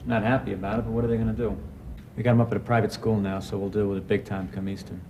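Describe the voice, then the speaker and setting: A man's voice: lowish voice, flat delivery, very fast, darkish tone, a little hiss or hum, natural voice. An actor playing a wisecracking male career criminal who talks in a dry, needling way. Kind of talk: film drama acting.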